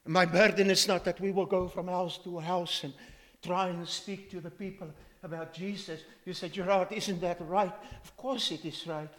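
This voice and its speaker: An older male pastor delivers an emphatic sermon in a fairly high voice, pressing his listeners with rhetorical questions. His words ring out in a church hall with a long, lingering reverb. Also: steady tone, moderate pace, a bit bright. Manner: emphatic, asks rhetorical questions, quotes scripture.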